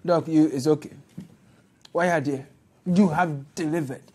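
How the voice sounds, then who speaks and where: A news show host with a Ghanaian accent gives satirical commentary on the day's politics. The delivery is sarcastic and mocking, sitting at an ordinary middle pitch. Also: unhurried, mellow, breathy edge. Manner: sarcastic, mocking, laughs at clips.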